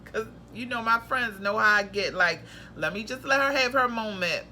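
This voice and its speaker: A woman with a bright, forceful voice that sits a little high, chatting in a casual vlog. She tells her story in an expressive, slangy, dramatic way, and a faint hiss of noise sits behind her. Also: normal speed. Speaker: travel nurse vlogger.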